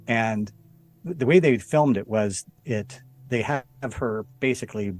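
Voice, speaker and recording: A former stuntman, appearing as a podcast guest, tells a story in a casual chat with an unhurried, mid-range voice. He is animated and laughs often, jumping into the voices of the people he quotes.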